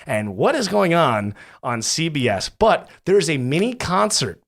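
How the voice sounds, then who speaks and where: A man hosting a casual podcast interview, telling stories in an animated way and often repeating himself. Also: a little high, unhurried. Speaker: podcast host.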